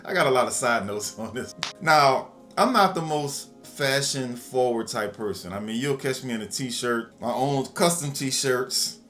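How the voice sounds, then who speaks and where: An animated man at a middle pitch tells a movie's story in a loose, joking way and reacts loudly as he goes. His voice has faint music playing under it. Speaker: movie reviewer. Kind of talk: casual movie recap.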